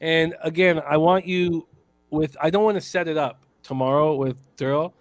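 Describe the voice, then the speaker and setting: A man's voice: a little high, steady tone, moderate pace, dry recording. A man hosting a sports betting radio show, upbeat, plugging upcoming shows and greeting listeners by name. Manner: upbeat, plugs shows, reads chat names. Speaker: host.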